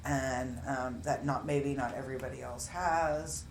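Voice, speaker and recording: A woman's voice: a bass voice, steady tone, measured pace, roomy sound, noisy background. A woman co-hosting a talk show, chatting in a laid-back, playful way with lots of slang. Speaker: co-host. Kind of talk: casual chat. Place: small studio.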